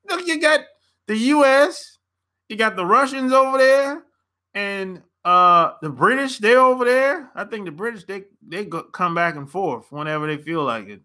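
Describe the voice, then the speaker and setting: A man's voice: high-pitched, animated, unhurried, bright, forceful tone. An American man, a relationship coach, giving a blunt casual opinion rant to camera and laughing often.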